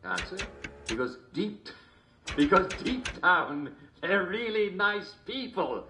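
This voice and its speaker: A man's voice: medium pitch, pushed and bright, a little hiss or hum. A man playing a jovial, constantly chuckling TV host, mock-cheerful and smarmy. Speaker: show host. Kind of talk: comedic character monologue.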